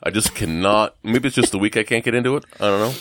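A man's voice: fairly low pitch, fast, fairly bright tone, no room sound, clean studio sound. A man from the United States co-hosting a casual chat, rambling and self-deprecating with many fillers and restarts. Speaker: podcast co-host.

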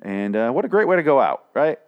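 A man's voice: mid-range voice, sing-song, fast, smooth, narrow, tinny audio. A man casually recapping a TV episode, swearing and sarcastic, rambling with lots of restarts. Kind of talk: casual spoken recap and review.

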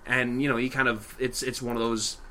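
Bright-voiced chatty man. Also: medium pitch, flat delivery, brisk. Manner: chatty, rambling, laughs often. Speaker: podcast co-host. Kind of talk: casual movie chat.

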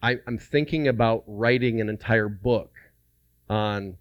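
A man preaching a lively, joking sermon to men at a church service, calling out to the audience for responses. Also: fairly low pitch, unhurried, dry recording, dull audio. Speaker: pastor.

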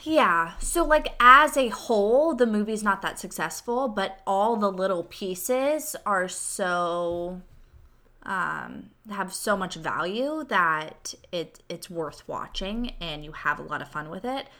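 Bright-voiced woman chatting about films. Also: medium pitch, expressive, slow pace. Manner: chatty, lots of "like" and "um" fillers. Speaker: podcast co-host. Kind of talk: casual movie review chat.

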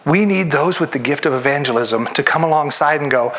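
A man preaching a sermon as pastor, animated and acting out the voices he quotes. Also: on the high side, a little fast, few pauses.

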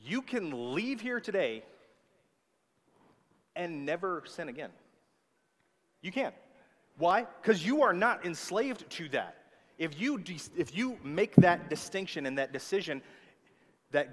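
A man's voice: fairly high pitch, sing-song, a little slow, long pauses, a bit bright. A man preaching a sermon with emphatic delivery, often checking in with his listeners. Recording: long hall reverb.

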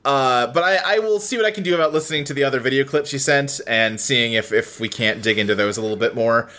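A man's voice: mid-range voice, fast, bright, forceful tone. A man hosting a casual podcast chat, talking animatedly with many fillers and restarts. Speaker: podcast host.

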